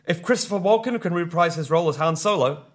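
A man, a contestant on a comedy panel game, delivering a mock-serious fake trivia monologue in a dry, deadpan way. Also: on the high side, fast.

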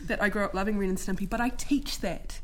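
A woman's voice: mid-range voice, fairly even intonation, quick pace. A woman, a lecturer playing on a quiz team, chatty and enthusiastic. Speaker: quiz contestant, cultural studies lecturer. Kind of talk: casual banter.

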